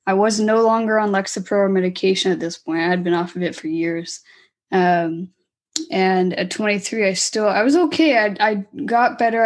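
A woman in her twenties, a guest in an interview, telling a personal story candidly with halting restarts and fillers. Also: medium pitch. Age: 20s.

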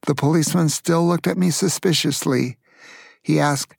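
A man's voice: on the high side, measured pace, gravelly, slightly rough, no room sound, studio quality. An older man from Tacoma, Washington, telling a family story to grandchildren in a playful way, asking the listener questions. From Tacoma, Washington, USA.

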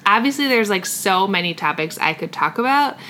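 A woman's voice: mid-range voice, lively intonation, fairly quick, sharp tone, a little hiss or hum. A young woman co-hosting a podcast in casual chat, teasing and storytelling, laughing easily. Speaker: podcast co-host.

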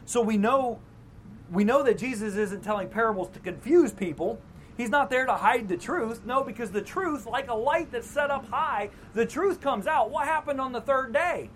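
A pastor preaches in a relaxed, conversational way and slips into quoted voices from the story. The voice sits at a middling pitch, with a faint hum of noise behind it. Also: normal speed, low-quality recording. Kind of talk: sermon.

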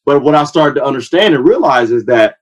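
An animated man, a youth football coach who founded a sports training business, tells his story a little fast during a casual podcast chat. He acts out quotes, his pitch rising as he does.

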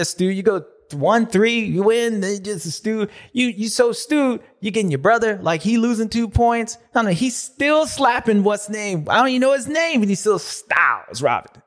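A man hosting a racing recap show in a jokey, slangy, excitable way. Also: sits high. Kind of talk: comedic recap commentary.

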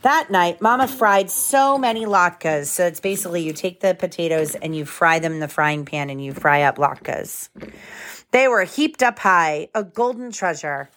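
A woman's voice: on the low side, expressive, normal speed, fairly bright tone, a little hiss or hum. A woman in her thirties reading a picture book aloud to her children at home, stopping to explain the story in plain words.

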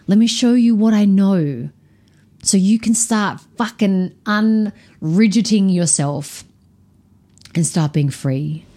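A woman hosting her own podcast as a coach, talking in an energetic, frank monologue and swearing freely. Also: medium pitch, slow.

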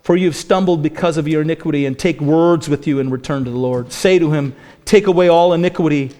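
A high-pitched man delivering a sermon as a pastor. He preaches with passion, surging loud on quoted lines, then sinking to a hushed, low voice for words of mercy. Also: fast. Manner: impassioned preaching, rising to near shouts on quoted lines; drops to a low, soft voice for God's promises.

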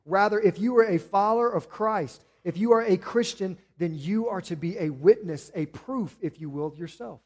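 Male pastor, higher voice, sermon with rising emphasis and quiet asides. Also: normal speed, few pauses. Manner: preaching with rising emphasis, then dropping to quiet appeals.

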